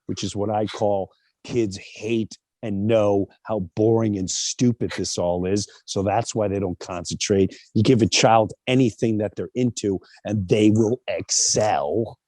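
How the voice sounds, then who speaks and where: Middle-aged man, warm tone, candid storyteller, emphatic, mimics others, close dry sound. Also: on the low side, measured pace, no room sound. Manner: animated, acts out quoted voices, emphatic asides. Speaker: speaker telling a personal story.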